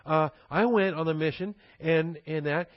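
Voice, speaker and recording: A man's voice: a little high, normal speed, dry recording, muffled recording, voice pushed up, close to an everyday voice. A man putting on a whiny, flustered ancient king. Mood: whining. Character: defensive ancient male king making excuses.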